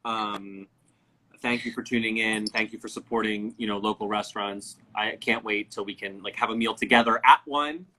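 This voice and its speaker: Male livestream host on a phone; effusive, chatty, bright and forward tone. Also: fairly low pitch, fairly even intonation, normal speed, low-quality recording. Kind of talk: casual livestream chat.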